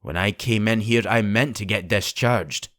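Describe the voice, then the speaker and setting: Man doing a stern, clipped sea captain for a storybook reading, lowish voice, dry close sound. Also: a bit bright, no echo, natural voice. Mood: firm. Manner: clipped, deliberate, firm. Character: stern blunt middle-aged male sea captain.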